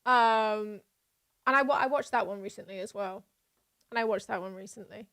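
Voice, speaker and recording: A woman's voice: mid-range voice, moderate pace, a bit bright. A young British woman streaming and chatting casually, rambling with many fillers and frequent laughs. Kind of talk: casual reaction-stream chat.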